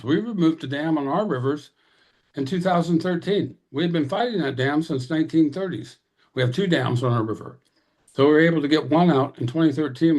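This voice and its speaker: A man's voice: a little high, darkish tone. A man giving an impassioned, urgent address to a webinar audience over a video call. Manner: fervent, urgent, exhorting. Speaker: tribal representative presenter.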